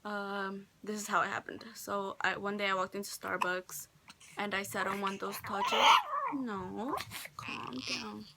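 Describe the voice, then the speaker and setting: Soft-spoken teenage girl vlogger. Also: medium pitch, monotone, normal speed. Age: teens. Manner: talks softly with many fillers, sometimes near a whisper. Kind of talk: casual storytelling vlog. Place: indoor bedroom, holding a baby. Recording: noticeable background noise.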